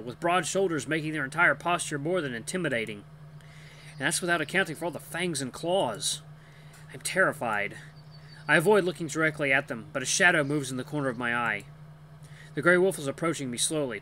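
A man's voice: medium pitch, bright, forceful tone, slight background noise. A man hosting a gaming channel, reading a visual novel aloud expressively with occasional slips.

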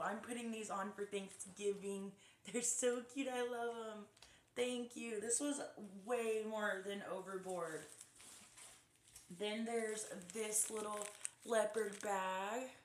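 A woman chatting casually to her phone camera as she opens fan mail, gushing and exclaiming over each gift. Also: fairly high pitch. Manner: gushing, excitable, lots of exclamations. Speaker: vlogger opening fan mail. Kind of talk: casual unboxing chat to camera. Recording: echoey room.

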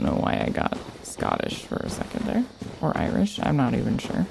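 Animated woman narrating her gameplay. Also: a bass voice, vocal fry, a little hiss or hum. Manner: chatty, talks to the game and enemies, quick exclamations. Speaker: gamer streamer. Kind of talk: casual let's-play commentary.

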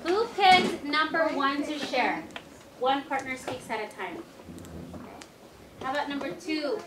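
A woman teaching first graders, giving slow, clear instructions to the class. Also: high voice, lively intonation, crowd noise. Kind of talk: classroom lesson. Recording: echoey classroom, distant mic, noisy.

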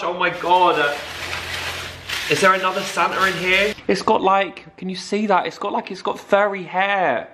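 A young man filming a casual vlog in his flat, gushing and excitable as he talks to viewers. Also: high voice, moderate pace, recorded from a distance, a little hiss or hum. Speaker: vlogger. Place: flat, indoors. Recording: echoey room.

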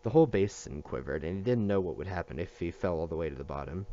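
A man with a low voice reads a novel aloud at a steady pace, stumbling and restarting now and then. The recording is muffled and lo-fi. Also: quick pace. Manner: steady reading with occasional slips and restarts. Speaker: reader.

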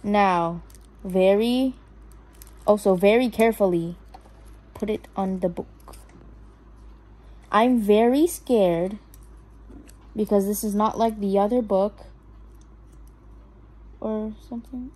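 A woman's voice: mid-range voice, slow pace, pauses often, warm tone, rough recording. A woman vlogger chatting casually to herself as she unboxes and builds a toy house, nervous and fretting that she will mess it up. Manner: nervous, self-talking, keeps saying she is scared. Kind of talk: casual unboxing and crafting commentary.

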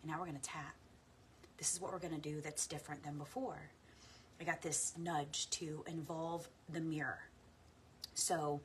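A woman coach guiding listeners through a slow, soft meditation and spoken affirmations. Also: deep voice, steady tone, slight background noise. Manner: laughs into her words when playful. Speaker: spiritual coach. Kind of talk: guided meditation and affirmation practice. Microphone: talking to camera.

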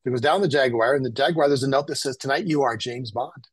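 Older guy telling a story, husky voice, does everyone's lines, dry close sound. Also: medium pitch, fast, dry recording, poor audio. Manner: animated anecdotal, acts out quotes. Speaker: photographer guest. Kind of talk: casual storytelling.

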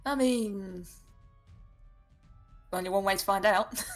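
Slow-talking woman playing a tabletop game. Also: medium pitch, a bit bright, faint music behind. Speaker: player. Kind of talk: casual tabletop game chat.

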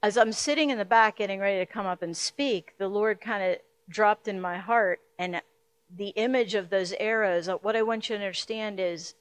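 A woman's voice: mid-range voice, moderate pace. Earnest middle-aged woman preaching a sermon. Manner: emotional, earnest storytelling that grows louder and more urgent. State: hiccups. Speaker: pastor.

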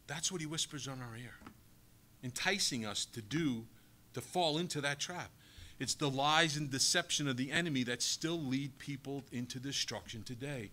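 A man's voice: mid-range voice, moderate pace, sharp tone, slight background noise. A male pastor giving a sermon, preaching emphatically and asking the congregation rhetorical questions.

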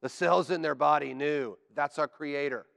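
A man preaching a sermon to a congregation, animated and joking, building up to emphatic declarations. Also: a little high, moderate pace, creaky. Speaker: pastor. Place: church sanctuary. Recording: church hall with long reverb.

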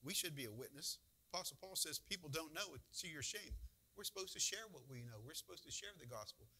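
A man pastor preaching in a bright, forceful voice. His delivery is folksy and conversational, with sudden emphatic bursts, and it sits a little high for a man. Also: animated, quick pace, breathy edge, rough recording. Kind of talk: sermon.

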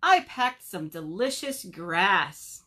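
A mild, generous sheep who talks gently and draws her words out, as a woman reads the picture book aloud. Her pitch wanders widely. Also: big pitch swings, slow pace, exaggerated voice. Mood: gentle.

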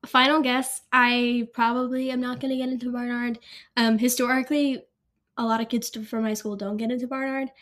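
A young woman in her late teens vlogging in a casual, chatty way, filling her talk with ums as she walks through each step. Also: a little high. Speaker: vlogger opening college decisions. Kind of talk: casual chat to camera.

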